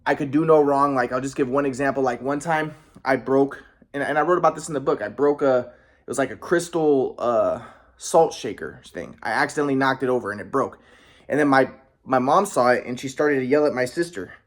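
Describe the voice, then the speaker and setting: A man in a casual monologue, rambling and boastful, often restarting his sentences and clearing his throat. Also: medium pitch, a little fast. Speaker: vlogger.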